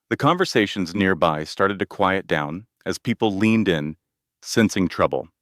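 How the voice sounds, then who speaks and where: A man narrating a scripted drama story in an even, measured way. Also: low voice, dry recording, clean studio sound.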